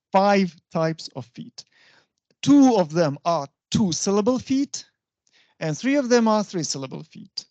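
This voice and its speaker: Russian-accented university lecturer, unhurried and patient, often stops to check understanding; dull, dry recording. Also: mid-range voice, a little mellow, dry recording. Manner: explains terms patiently, checks in with "right?" and translates into Russian.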